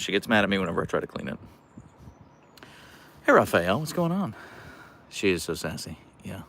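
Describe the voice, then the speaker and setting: His voice is fairly low and a little bright. The man, who owns a dog, hosts a laid-back livestream from his couch, joking with viewers and reading their comments out loud.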